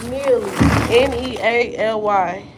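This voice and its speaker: A woman's voice: on the high side, slow pace, heavy background noise. A woman from Dallas hosting a casual livestream, chatting in a slangy, rambling way and turning to her chat between asides. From Dallas, Texas. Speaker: livestream host. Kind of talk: casual live-stream chat. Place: at home while cooking.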